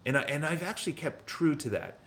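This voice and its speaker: A real estate broker and business owner telling his story in casual, rambling talk, blunt and quick to swear. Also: on the high side, animated, fairly bright tone.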